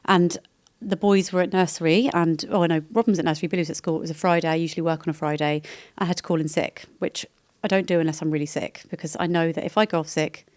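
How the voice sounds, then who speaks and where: A British woman in her thirties talks candidly on a podcast, her words tumbling out at a quick clip. Her voice sits a little low, and she rambles and often breaks off mid-thought. The sound is close and dry, with no room echo. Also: fairly even intonation, a little mellow. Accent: British English. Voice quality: chatty, rambling, self-interrupting. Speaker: podcast guest. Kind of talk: candid casual chat.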